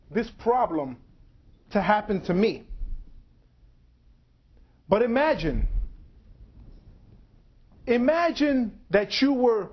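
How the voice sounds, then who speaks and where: A man speaking slowly and deliberately to an audience at a university, telling his own story. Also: high voice, husky, lo-fi sound. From United States. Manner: slow, measured, deliberate delivery. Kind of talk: public talk. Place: university lecture hall.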